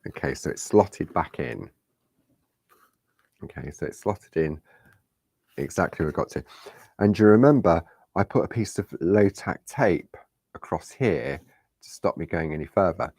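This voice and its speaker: Man, middle-aged, craft tutor, chatty, reassuring, low voice, dry sound. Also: lively intonation, unhurried, creaky, pauses often, a little mellow, husky, dry recording. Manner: chatty, reassuring, talks to viewers. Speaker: crafting demonstrator.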